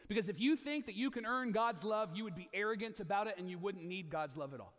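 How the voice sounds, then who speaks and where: A man in his thirties preaching a sermon as pastor, animated, acting out quoted voices and repeating key lines. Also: sits high, quick pace, in a large hall.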